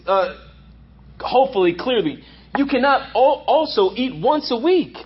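A man's voice: very high-pitched, sing-song, unhurried, lo-fi sound. A man preaching a sermon as pastor, emphatic and repeating lines for effect.

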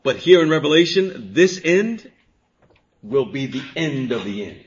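Man preaching with hushed-to-emphatic swings. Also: medium pitch, big pitch swings, unhurried. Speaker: pastor. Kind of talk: sermon. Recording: dull lo-fi sermon recording.

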